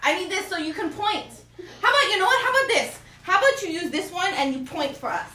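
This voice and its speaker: A high-pitched woman runs a playful lesson for her young child, her voice swinging up and down as she coaxes and repeats words slowly for the child to copy. She is recorded in an echoey room, some distance from the microphone. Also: heavy background noise. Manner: animated, coaxing teacher, repeats words slowly. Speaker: parent teaching her child. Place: indoor room with a computer and slides.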